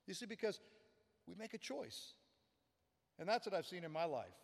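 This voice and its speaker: A man's voice: high voice, sing-song, moderate pace, creaky. Earnest preaching man in a reverberant hall. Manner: earnest, emphatic preaching with repetitions. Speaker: pastor. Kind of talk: sermon.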